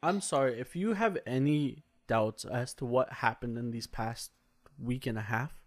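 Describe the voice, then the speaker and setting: A young man in a casual group conversation, talking heatedly and swearing often. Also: unhurried. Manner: heated, swears a lot, rising pitch when worked up.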